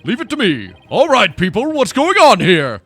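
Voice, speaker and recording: A man's voice: high voice, huge pitch swings, normal speed, a bit bright, dry recording, faint music behind, voice pushed up, heavily acted. A man voicing an eager male police detective who stammers when pressed.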